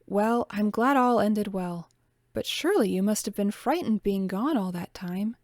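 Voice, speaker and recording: An earnest, genteel young lady who speaks with encouraging conviction, as a woman reader voices her. The voice is raised slightly above the reader's usual pitch. It sounds dry and close. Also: moderate pace, dry recording, close to an everyday voice. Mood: curious.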